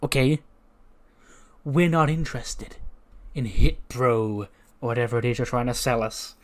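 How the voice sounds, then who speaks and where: A man voicing a hot-tempered male wrestler who snaps curtly and loudly. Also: medium pitch, unhurried, natural voice. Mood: irritated.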